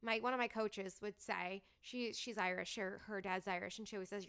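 A young adult woman hosting a podcast, chatting casually and full of fillers and quick asides. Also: medium pitch, fairly even intonation, bright, forceful tone, smooth. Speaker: podcast host. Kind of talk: casual chat, reality TV gossip.

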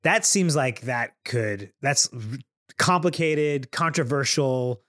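A man's voice: medium pitch, slow, dry recording, clean studio sound. A man in his thirties co-hosting a casual podcast, asking questions and laughing often. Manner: lively, laughs often, asks follow-up questions. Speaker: podcast co-host. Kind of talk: casual chat.

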